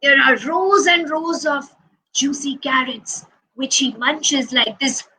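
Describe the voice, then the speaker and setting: Woman, children's storyteller, very high pitch, bright voice, animated. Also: slow, low-quality recording. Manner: animated, asks the children questions, acts out actions.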